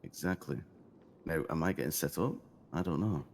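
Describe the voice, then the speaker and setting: A man in an in-character roleplay answers accusations with calm, evasive denials. His voice is extremely deep. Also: normal speed, slight background noise. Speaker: roleplay character under questioning.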